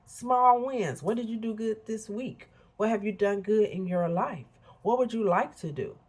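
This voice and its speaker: Husky, blunt woman in her fifties. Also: on the high side, lively intonation, normal speed, darkish tone. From Illinois, USA. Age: 50s. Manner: candid, blunt, chatty asides to viewers. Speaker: vlogger. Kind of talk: casual motivational monologue.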